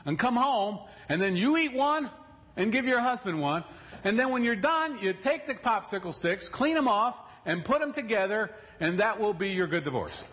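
A man preaching a sermon as a pastor, telling a folksy story and slowing down for emphasis. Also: high voice, animated, a bit bright, highs cut off.

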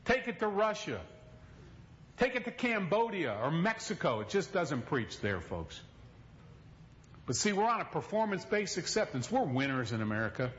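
A middle-aged male pastor preaching an animated sermon, swinging between loud stretches and hushed ones. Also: a little high, moderate pace, muffled recording.

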